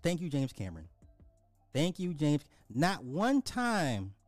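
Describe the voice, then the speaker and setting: Male film reviewer, emphatic and repetitive, slightly high pitch, dry close sound. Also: wildly swooping pitch, takes it slowly, no echo, soft background music. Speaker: movie reviewer. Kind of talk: casual film recap.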